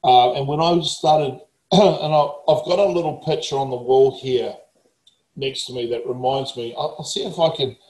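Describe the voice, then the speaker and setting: A man's voice: mid-range voice, moderate pace, a little mellow. Swearing New man, roomy sound. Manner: blunt, swears heavily, emphatic. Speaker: motivational speaker. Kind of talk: casual talk.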